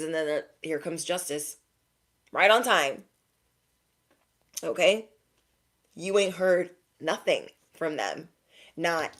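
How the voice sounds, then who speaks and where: A young woman with a low-set voice speaks straight to her viewers in a spiritual pep talk. She is emphatic and full of slang, and keeps checking in with a pointed "okay?" as an intuitive reader. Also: a little slow.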